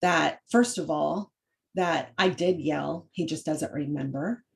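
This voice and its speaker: A middle-aged woman talks about parenting and faith in a loose, chatty way, often stopping to restart her sentences. Her voice sits a little low for a woman. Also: slow, creaky. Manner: chatty, with frequent fillers and restarts. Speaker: podcast host. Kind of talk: casual faith-based parenting talk.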